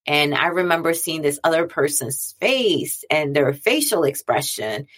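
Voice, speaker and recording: A woman's voice: low voice, expressive, measured pace, breathy edge. A woman speaking earnestly in a reflective monologue, talking casually and repeating phrases for emphasis. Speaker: speaker on mental health and boundaries.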